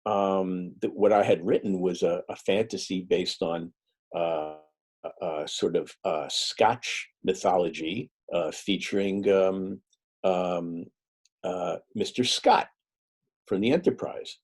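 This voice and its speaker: Low, husky-voiced man telling stories. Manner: relaxed, halting, acts out quoted dialogue. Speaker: author giving a talk. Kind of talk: anecdotal storytelling talk.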